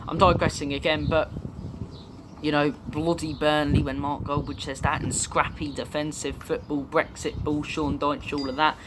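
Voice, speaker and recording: A man's voice: fairly high pitch, little pitch movement, normal speed, background noise. A young man from the UK hosting a football fan channel, giving chatty, opinionated commentary and drifting off topic at times. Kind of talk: casual fan commentary to camera.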